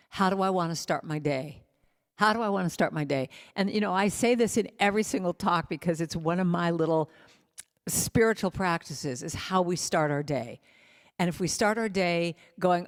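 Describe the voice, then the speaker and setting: A woman's voice: fairly low pitch, moderate pace. Woman storyteller in a reverberant hall. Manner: personal storytelling, breaks into sung snippets. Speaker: guest speaker and musician. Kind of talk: spiritual talk. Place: spiritual center sanctuary.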